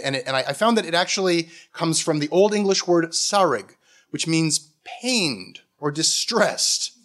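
Man from canada, deadpan sarcastic comic lecture, a bit high-pitched. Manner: sardonic, mock-academic. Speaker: comedic lecturer. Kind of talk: stand-up style comic talk.

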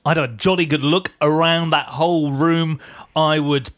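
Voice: medium pitch, fairly even intonation, normal speed. A podcast co-host chipping in with dry, teasing remarks in casual chat.

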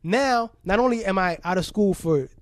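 Brief: Bronx man in his forties, New York accent, high for a man, dry close sound, animated storyteller. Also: moderate pace, no echo. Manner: animated storyteller, acting out quotes with laughter. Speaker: guest DJ. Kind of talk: casual storytelling interview.

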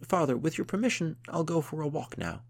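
A man voicing an earnest, respectful young farmer's son who speaks calmly. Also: fairly high pitch, a little fast, creaky, voice pushed up.

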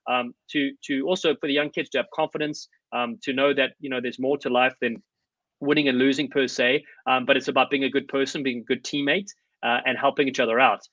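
A middle-aged man from South Africa talks about coaching in an earnest, rambling storytelling way, full of ums and uhs. His voice is bright and forceful, and he talks quickly. The recording is dry and a little dull, with a slightly lo-fi sound. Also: mid-range voice, dry recording. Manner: earnest, storytelling, many fillers. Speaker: rugby coach and guest. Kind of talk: conversational interview answer.

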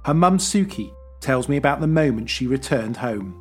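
A man hosting a podcast, narrating in a measured, even storytelling manner. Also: mid-range voice, husky, soft background music. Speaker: podcast host. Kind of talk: scripted narration.

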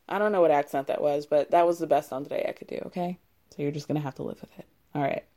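Low, mellow-voiced woman recapping, chatty. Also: steady tone, quick pace. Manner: chatty and sarcastic, heavy use of "like". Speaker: reality show recapper. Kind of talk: casual chat.

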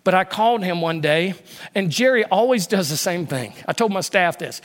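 A male pastor delivering a sermon in a high voice. He is animated and swings between loud, emphatic lines and hushed ones. He acts out quotes as he preaches. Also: normal speed.

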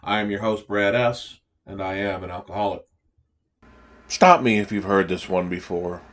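A man hosting a recovery podcast, introducing the episode and telling a joke in a relaxed, conversational way. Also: low-pitched, moderate pace. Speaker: podcast host. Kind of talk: casual podcast intro and storytelling.

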